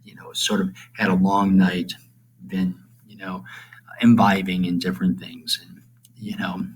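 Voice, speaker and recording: A male teacher talks through a summary in a loose, meandering way, peppering it with fillers and asides. His voice sits a little low, and the delivery feels unscripted and conversational. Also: level tone, unhurried, a little hiss or hum, rough recording. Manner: rambling, with many fillers and asides. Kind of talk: casual lesson summary.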